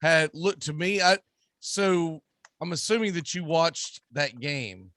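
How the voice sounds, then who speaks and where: Animated Southern man ranting about football. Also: on the high side, slow, dry recording. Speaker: sports radio host. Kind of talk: casual sports talk.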